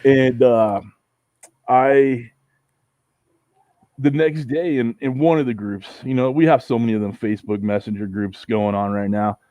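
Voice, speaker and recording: A man from Southern California chats as a livestream guest. He swears a lot and acts out quoted arguments with animated energy. His voice comes through muffled and dry. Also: mid-range voice, measured pace, pauses often, no room sound. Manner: profane, animated storytelling, acts out quoted exchanges. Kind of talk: casual livestream chat.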